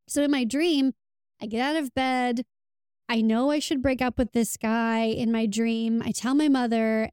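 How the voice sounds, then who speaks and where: Woman, casual advice monologue, earnest, smooth voice, dry close sound. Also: a little high, a little mellow, no echo. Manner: earnest, acts out quoted lines. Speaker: relationship advice vlogger.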